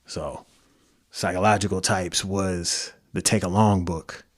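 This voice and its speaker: A man's voice: sits low, steady tone, slow pace. A man with a Midwestern American accent hosting a solo podcast, talking loosely and conversationally with slang and fillers. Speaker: podcast host. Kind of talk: casual solo podcast monologue.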